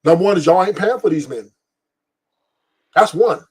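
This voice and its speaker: Husky-voiced blunt middle-aged man. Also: high-pitched, animated, moderate pace. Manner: blunt, rambling, profane, laughs often. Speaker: podcast host. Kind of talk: casual opinion talk on a live stream.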